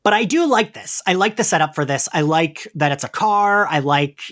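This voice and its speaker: A man co-hosting a podcast in loose, casual chat. His voice sits a little high and swings up and down a lot as he acts out little quoted lines. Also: lively intonation, moderate pace, fairly bright tone. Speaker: podcast co-host.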